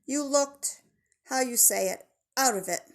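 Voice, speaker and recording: A woman's voice: high voice, unhurried, pitched above the performer's own voice. A woman voicing a friendly, bold young girl from an island, speaking up cheerfully.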